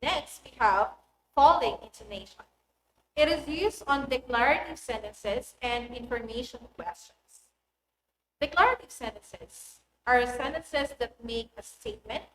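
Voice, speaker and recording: A woman, a teacher giving a recorded English lesson in a clear, deliberate voice that stresses key words. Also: high-pitched. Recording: echoey room with faint noise.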